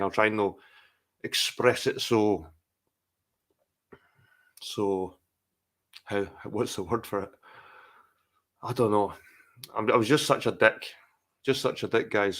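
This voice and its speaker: A man's voice: on the low side, fairly bright tone. A middle-aged Scottish man in a rambling, sweary, heartfelt casual chat on a live stream.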